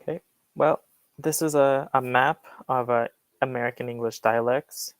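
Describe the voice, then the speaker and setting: A man's voice: medium pitch, fairly even intonation, moderate pace, no room sound. A young man explaining accents to a class over a video call, with hesitant, filler-heavy speech. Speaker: guest English speaker.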